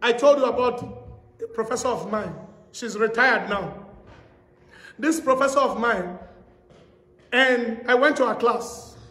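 A man preaching a sermon, telling stories with acted-out dialogue and rising to shouted exhortation. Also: very high voice, a little slow, long pauses. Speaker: pastor. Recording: echoey hall reverb.

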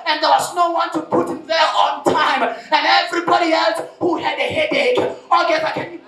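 A woman pastor preaching a fervent sermon, often shouting and calling for responses from the congregation. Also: extremely high pitch. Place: church service. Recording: echoey church hall, mic at a distance.

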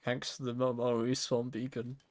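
A young man chats on a gaming livestream, playful and quick to tease. His voice sits right in the middle, neither high nor low. He keeps the banter light with his friend. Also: completely flat delivery. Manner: playful, joking banter with frequent laughs. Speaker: streamer. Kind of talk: casual gaming livestream chat.

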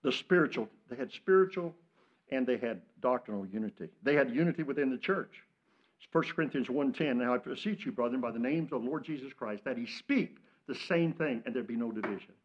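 An older man with an American Midwestern accent, preaching a fervent sermon as pastor, swinging from loud exhortation to hushed asides. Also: medium pitch, animated, brisk, lo-fi sound. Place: church sanctuary.

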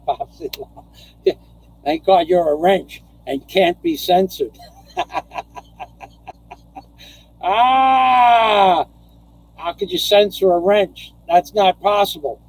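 High-voiced man ranting on a live stream. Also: lively intonation, unhurried, vocal fry, darkish tone, breathy edge, low-quality recording. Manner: profane, ranting, laughs often. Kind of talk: casual live stream chat. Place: home in the Philippines.

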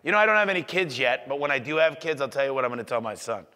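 A man giving an energetic motivational business talk to an audience, acting out sales conversations as he goes. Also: medium pitch, very fast. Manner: energetic, acts out customer dialogue. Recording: echoey hall.

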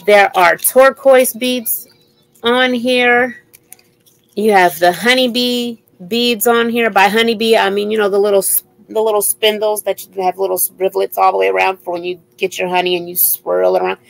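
A woman's voice: medium pitch, fairly even intonation, moderate pace, gravelly, low-quality recording. A woman hosting a live jewelry sale, chatting casually and repeating item numbers as she shows each piece. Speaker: live-stream jewelry seller. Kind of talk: casual live sales chat.

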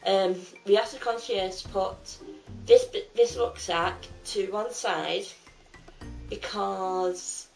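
A woman's voice: mid-range voice, rough recording. A woman vlogger telling a story casually, rambling and restarting with plenty of fillers.

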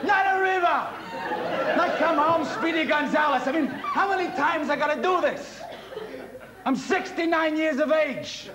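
A man's voice: sits high, big pitch swings, measured pace, a loud crowd, heavy background noise, heavily acted. A man playing a brash, impatient old American conductor in his sixties who scolds and mocks in bursts, in a comic sketch. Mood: bossy. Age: 60s. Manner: bossy, scolding, mocking outbursts. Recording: echoey stage with audience laughter.

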